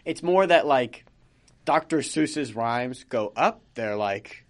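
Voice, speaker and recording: A young man with an expressive, mid-range voice co-hosts a casual podcast chat. He talks slowly and rambles, full of fillers and restarts.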